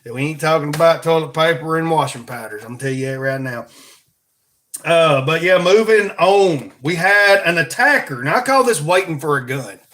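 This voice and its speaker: A man's voice: on the high side, lively intonation, normal speed, fairly bright tone, slight background noise. A man with an Alabama accent hosting a podcast in a folksy, rambling, joking monologue. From Alabama, USA. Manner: folksy, joking, plugs merch. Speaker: podcast host.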